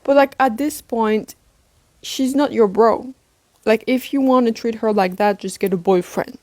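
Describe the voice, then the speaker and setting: A woman's voice: on the high side, a little slow, darkish tone, dry recording. Blunt woman in a dry room. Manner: blunt, direct. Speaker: social media commentator. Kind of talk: advice video.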